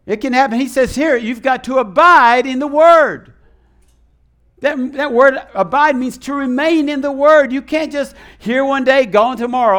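A man preaching a sermon as pastor, animated and acting out the voices he quotes. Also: extremely high pitch, normal speed.

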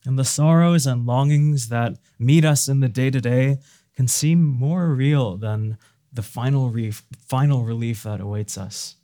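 A man's voice: mid-range voice, a little slow, dark tone. A man preaching a sermon in an earnest way, now and then rising to fervent emphasis.

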